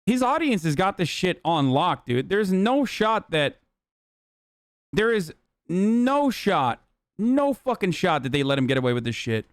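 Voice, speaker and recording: A man hosting a live stream talks casually and swears freely as he answers chat with sarcasm. His voice is smooth and resonant and sits a little high. The sound is close and dry, with no room echo. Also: sing-song, measured pace. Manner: profane, blunt, reacting to chat with sarcasm. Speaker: livestream host.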